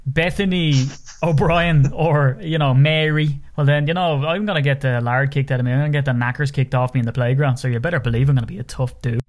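A man's voice: mid-range voice, fairly even intonation, a little fast, slight background noise. Joking Irish man hosting a podcast. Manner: joking and playful, swears freely. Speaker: podcast host. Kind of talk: casual chat.

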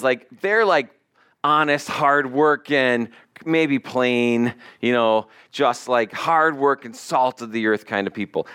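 A pastor with a smooth, medium-pitched male voice preaches in a lively, conversational manner. Along the way, he makes asides to the people in the pews.

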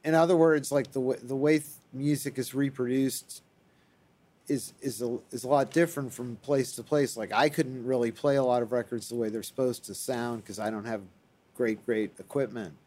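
A man's voice: mid-range voice, steady tone, moderate pace, darkish tone. A man in casual conversation, rambling enthusiastically with frequent fillers and restarts. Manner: rambling, enthusiastic about old records.

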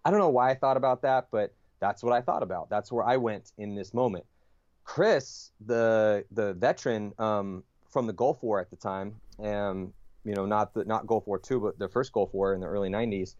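Low-voiced man telling a rambling story. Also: moderate pace, a little mellow, no echo, lo-fi sound. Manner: profane, rambling, lots of fillers and restarts. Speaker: podcast guest. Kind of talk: casual storytelling.

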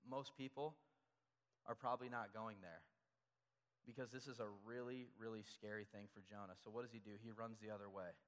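A man's voice: on the low side, fairly even intonation, a little fast, in a large hall. A man preaching a sermon as pastor, talking conversationally and repeating key phrases for emphasis.

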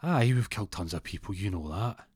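A threatening hardman, as a storyteller plays him talks in a low, dry voice. He sounds boastful and cold. The delivery is close to the storyteller's own tone. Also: lively intonation, brisk, a little mellow, husky, dry recording. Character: menacing male Glasgow gangster with a knife.

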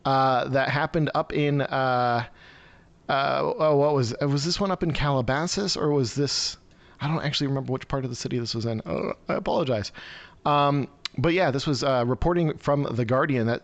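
A man's voice: medium pitch, moderate pace. A man hosting a live stream over a video call, giving rambling, sarcastic news commentary full of fillers and restarts.

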